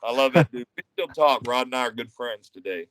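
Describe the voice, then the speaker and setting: A retired pro wrestler from Texas telling profane, animated stories as a podcast guest. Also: male voice, mid-range voice, brisk, dry recording, poor audio. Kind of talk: casual storytelling.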